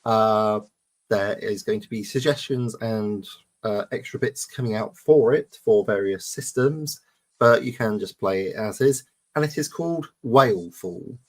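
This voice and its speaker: A man's voice: fairly low pitch, measured pace. Easygoing, hesitant man on a panel. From United Kingdom. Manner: easygoing, hesitant, many ums. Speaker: panel co-host. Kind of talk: casual panel chat.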